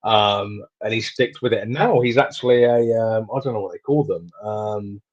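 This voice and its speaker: A British man hosting a casual online chat, swearing freely and pausing often with ums. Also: lowish voice. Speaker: host. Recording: slightly dull lo-fi audio.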